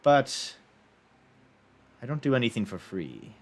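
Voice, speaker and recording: A man voicing a pale, haughty male collector who talks in a measured, bargaining way in a tabletop game. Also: medium pitch, very animated.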